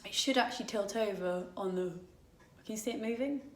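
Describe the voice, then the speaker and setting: A woman's voice: mid-range voice, brisk, slight background noise. Chatty vocal coach woman, roomy sound. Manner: chatty, encouraging, demonstrates exercises aloud. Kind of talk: singing warm-up lesson.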